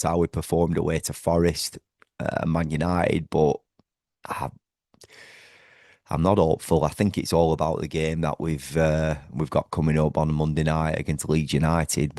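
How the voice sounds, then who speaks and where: A very deep, darkish-toned man from northwest England runs a casual football fan vlog from his home. He rambles passionately with many fillers and restarts, and the recording is dry and studio quality.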